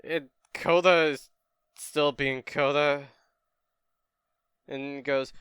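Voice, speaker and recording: A man's voice: fairly high pitch, steady tone, very slow, pauses often, fairly bright tone, clean tone, no echo, studio quality. A young man casually retelling a fan story, laid-back and chatty.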